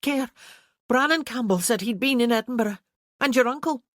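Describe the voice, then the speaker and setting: A narrator voicing a quick-witted young Highland woman who speaks with urgent, breathless intensity in a historical romance audiobook. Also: fairly bright tone, no room sound, studio quality, natural voice. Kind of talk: audiobook character voice.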